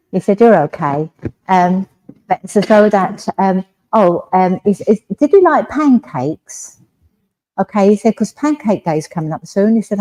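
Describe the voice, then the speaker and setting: An English woman giving a mediumship demonstration in a village hall, talking gently and reassuringly and often checking in with "all right?". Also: medium pitch.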